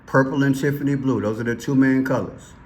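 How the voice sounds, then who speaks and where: A man hosting a casual commentary vlog, excitable and repetitive as he points things out on screen. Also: medium pitch, fairly quick, slight background noise. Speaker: vlog host.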